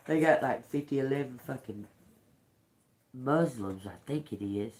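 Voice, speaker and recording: A woman's voice: extremely low pitch, expressive, a little slow, darkish tone. A woman giving a casual livestream tarot reading to her viewers, chatty, laughing often and swearing freely. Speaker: tarot reader.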